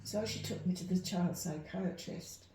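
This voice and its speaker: A woman's voice: lowish voice, unhurried, a little hiss or hum. English woman telling stories in a roomy echo. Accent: English, softened Yorkshire. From Leeds, Yorkshire, England. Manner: animated, acts out voices in her stories. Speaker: clairvoyant and medium, guest. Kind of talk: conversational storytelling.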